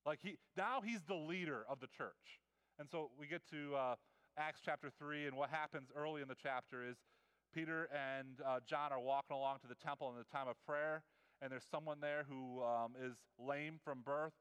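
A man's voice: on the high side, normal speed, fairly bright tone, clear, resonant tone, big-room sound. A man preaching a sermon in a casual storytelling way, acting out the quotes. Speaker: pastor.

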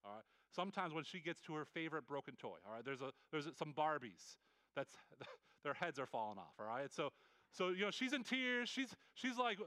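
A man with a high, bright voice preaches a sermon, pleading earnestly and stumbling through quick restarts and repeated words. His tone is smooth and clear, recorded close and dry. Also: big pitch swings, no room sound. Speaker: pastor.

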